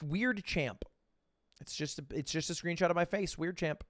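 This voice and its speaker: A man's voice: a little high, moderate pace, fairly bright tone, no echo, clean studio sound. A man in his twenties hosting a stream, joking in casual chat and laughing often. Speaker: streamer host. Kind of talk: casual chat while reacting to posts.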